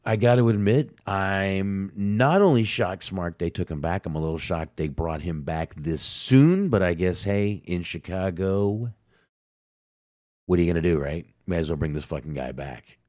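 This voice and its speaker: Deep-voiced man ranting on a podcast. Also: moderate pace, no echo, studio quality. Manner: profane, excitable, ranting. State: sinus cold. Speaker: podcast co-host. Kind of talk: casual wrestling podcast chat.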